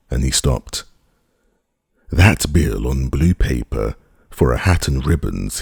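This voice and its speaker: A man reading a classic novel aloud as an audiobook narrator, with measured, expressive delivery. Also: very deep voice, creaky, breathy edge, no room sound, studio quality. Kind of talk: scripted narration.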